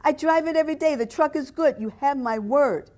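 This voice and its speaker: A woman's voice: high-pitched, a little fast, a little mellow, voice pushed up, lightly acted. A woman voicing an Italian immigrant man who sells produce, speaking with an Italian accent in an eager, begging way. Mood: pleading.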